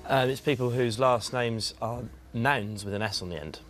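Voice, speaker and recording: A man's voice: medium pitch, normal speed, fairly bright tone, soft background music. A man contestant on a quiz show, thinking aloud hesitantly over the clues. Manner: hesitant, musing.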